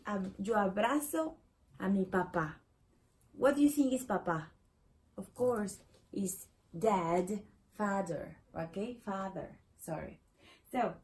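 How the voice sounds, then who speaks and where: A woman with a Latin American Spanish accent, a native Spanish speaker, patiently teaching a Spanish lesson and repeating words slowly for learners. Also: mid-range voice, a little mellow, rough recording. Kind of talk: explaining a language lesson.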